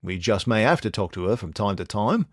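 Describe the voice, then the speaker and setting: A steady, shrewd young detective, read by a male narrator, who gives blunt advice in a voice. His tone is wry and reassuring, and his pitch moves with a lively rise and fall. The recording is dry and close. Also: a little fast, no room sound.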